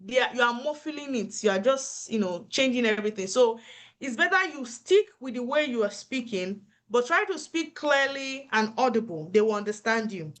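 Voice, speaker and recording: A woman with a fairly high voice speaks earnestly to fellow nurses. She encourages them and repeats her key points, like a mentor sharing hard-won advice. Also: lively intonation, normal speed. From Africa. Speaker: nurse giving career advice. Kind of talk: motivational advice talk.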